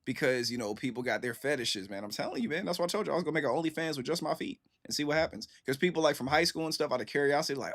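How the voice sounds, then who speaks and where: A man's voice: medium pitch, expressive, very fast, hardly any pauses, fairly bright tone. A man hosting a casual reaction stream, talking in a laid-back, repetitive way and often saying "man". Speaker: streamer host.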